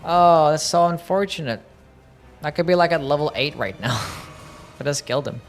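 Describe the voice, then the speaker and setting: A man's voice: fairly high pitch, moderate pace, faint music behind. A man streaming a video game at his home desk, giving casual commentary in a grumbling, self-pitying way, repeating his complaints and swearing. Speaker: live streamer playing a game.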